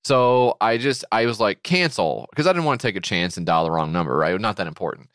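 Lively, profane ranting man. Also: lowish voice, fairly quick, no echo, studio quality. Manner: acts out quoted voices. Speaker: podcast co-host. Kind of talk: casual chat.

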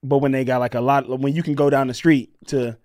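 A man co-hosting a podcast, telling stories in an animated, emphatic casual chat. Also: medium pitch, brisk, no echo, clean studio sound. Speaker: podcast co-host.

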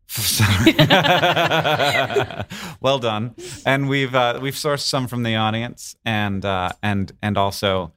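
A man's voice: mid-range voice, fairly bright tone, dry recording. A man hosting a live podcast on stage, joking with a guest and the crowd in a playful banter style. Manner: playful, joking, quick asides. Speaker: podcast host.

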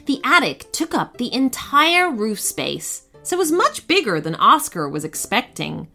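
A woman narrating a children's bedtime story with expressive, animated storytelling. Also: fairly high pitch, measured pace, creaky, faint music behind.

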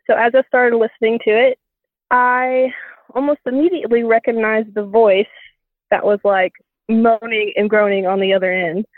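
A woman's voice: a little high, fairly even intonation, normal speed, no room sound. Female caller, 30s, chatty and candid, phone-line sound. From Savannah, Georgia, US. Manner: candid, chatty, lots of fillers. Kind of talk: telling her story on a call-in show. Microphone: phone call.

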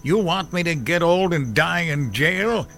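A man's voice: medium pitch, animated, unhurried, sharp tone, soft background music. A man voicing a panicked younger brother who has been drinking and pleads desperately. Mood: desperate pleading. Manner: desperate, whining pleas.

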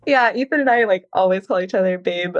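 Guest: young woman, bubbly and giggly, mid-pitched voice, dry close sound. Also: brisk, no echo, dull audio. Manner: bubbly, laughs often, many fillers. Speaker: professional climber, guest. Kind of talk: casual podcast interview.

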